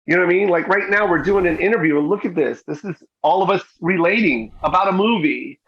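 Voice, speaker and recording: A man's voice: high-pitched, quick pace, breathy edge, highs cut off. A middle-aged man, a comedian and actor, talking earnestly in an interview and often asking "you know what I mean". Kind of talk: interview conversation.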